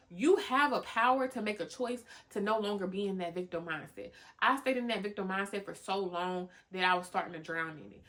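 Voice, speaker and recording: A young woman hosting a podcast, giving animated motivational talk full of slang, cussing and laughter. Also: medium pitch, brisk, few pauses. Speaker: podcast host. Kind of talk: motivational casual talk to listeners.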